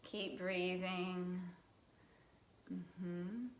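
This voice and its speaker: A woman in her thirties, a yoga instructor, giving gentle movement and breathing cues in a live class with chatty, candid asides. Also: fairly low pitch, flat delivery, drawn-out words. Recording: roomy sound from a distance from the mic.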